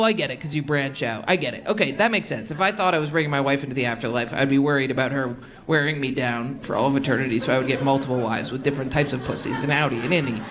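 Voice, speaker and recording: A woman stand-up comedian doing crowd work on a club stage, brash and profane as she riffs with the audience. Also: on the low side. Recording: roomy club sound with loud audience.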